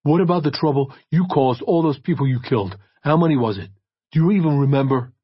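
A man voicing an angry, battered male private detective who talks back gruffly and defiantly. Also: fairly high pitch, a little fast, no echo, highs cut off, voice pushed up. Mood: aggrieved.

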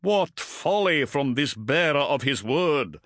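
Brief: a man playing a proud, grim male warship captain with a raised, slow, weighty delivery. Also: fairly high pitch, lively intonation, a bit bright, no echo, studio quality, voice pushed up. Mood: commanding. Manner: grave, measured commands.

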